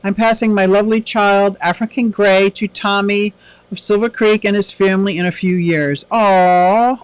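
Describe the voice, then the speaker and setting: A man's voice: high-pitched, steady tone, moderate pace, clean tone, no echo, poor audio. A man hosting a casual livestream, chatting in a rambling, upbeat way and answering viewer comments aloud. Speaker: livestream host.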